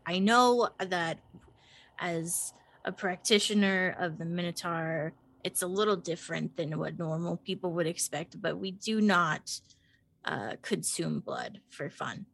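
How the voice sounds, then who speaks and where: A woman's voice: fairly low pitch, a little slow, vocal fry, a bit bright, full character voice. A woman playing a curt, bossy medic. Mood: defensive. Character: stern female medic, devout cultist.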